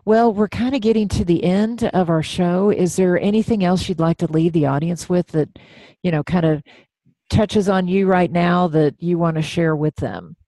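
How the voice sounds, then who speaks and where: A woman's voice: lowish voice, normal speed, mellow, no room sound. A woman hosting a radio show, chatting with a guest in an affirming, enthusiastic way. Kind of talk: casual interview chat.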